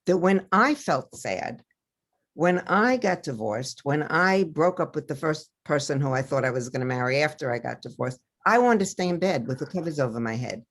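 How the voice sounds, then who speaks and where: An older woman with a low voice tells personal stories as an interviewed author. She tells them in a lively way and acts out the voices of the people she quotes. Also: normal speed. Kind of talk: storytelling interview over video.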